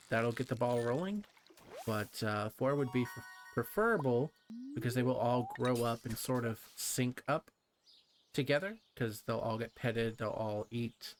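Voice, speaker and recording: A man's voice: medium pitch, slight background noise. A man giving casual, playful let's play commentary, rambling chattily with plenty of fillers as he plays.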